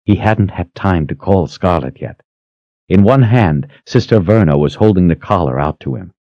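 A man narrating a fantasy story in a steady, storytelling manner, rising in tension at dramatic moments. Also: low voice, normal speed, no room sound, lo-fi sound. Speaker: audiobook narrator.

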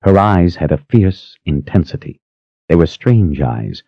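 A man narrates a novel in a deep, measured voice with an even storytelling pace. The recording is dry with no room sound. It is slightly muffled and dull in tone. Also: creaky, dry recording. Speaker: audiobook narrator. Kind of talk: scripted narration.

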